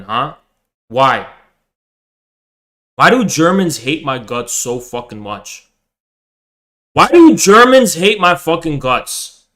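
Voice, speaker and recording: Man, livestreamer, profane rant, boisterous, confrontational, somewhat high voice. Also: fairly bright tone. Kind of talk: ranting livestream monologue.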